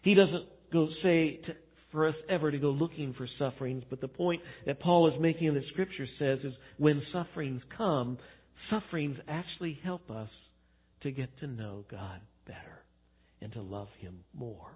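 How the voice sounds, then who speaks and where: A male pastor preaching a sermon, swinging from hushed, slow emphasis to loud, playful acting out. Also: a little high, husky. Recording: tinny phone-like sound.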